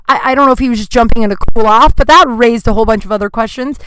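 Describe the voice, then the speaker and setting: A woman's voice: on the high side, fast talker, few pauses, a bit bright, clean tone, no room sound. A woman hosting a podcast, telling a story in a casual, grumpy monologue full of "like" fillers. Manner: chatty, heavy use of "like" fillers; grumpy, complaining tone. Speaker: podcast host.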